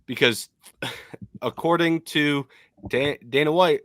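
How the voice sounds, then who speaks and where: Animated man, dry close sound. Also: on the high side, slow, no room sound. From Michigan. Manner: animated, opinionated, frequent ums. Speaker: co-host of an MMA podcast. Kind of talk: casual podcast chat.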